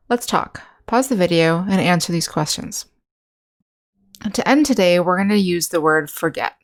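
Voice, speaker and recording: American woman, English teacher, lower pitch, deliberate and clearly enunciated delivery. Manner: slow, carefully enunciated model sentences. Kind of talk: online English lesson.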